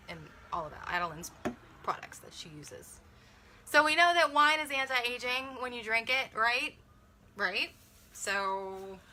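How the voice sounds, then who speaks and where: A woman's voice: a little high, bright, forceful tone, slight background noise. A young woman, a mother, chatting casually through a beauty kit unboxing, thinking aloud and correcting herself as she reads viewer comments.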